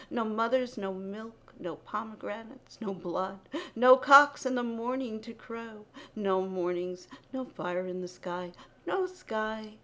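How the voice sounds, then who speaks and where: A woman giving a dramatic poetry reading, incantatory, with sudden loud outbursts. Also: a little high.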